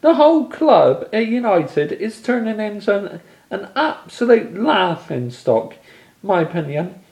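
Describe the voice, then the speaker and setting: A young man from England vents about a humiliating football defeat, seething and swearing as he talks to camera. His voice sits a little high and he speaks slowly, leaning hard on each angry word. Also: big pitch swings, creaky, darkish tone. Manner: furious, swearing, exasperated. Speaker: football fan vlogger. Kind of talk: angry fan rant to camera.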